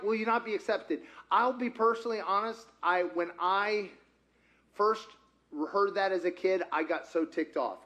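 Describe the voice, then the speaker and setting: A pastor delivers a sermon in a fairly high voice for a man. He talks in a loose, animated way, stopping often to put questions to the congregation. He is speaking in a church. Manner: asks the congregation frequent questions; conversational and animated. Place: church sanctuary.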